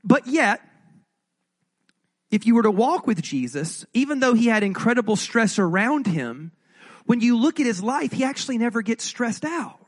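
A man's voice: very high voice, very animated, normal speed. A male pastor giving a sermon in a conversational, jokey way, often asking the audience questions.

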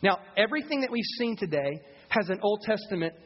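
A man's voice: high-pitched, lively intonation, brisk. A male pastor preaching a live sermon to his congregation, asking them rhetorical questions. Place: church service. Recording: dull sound in a reverberant hall.

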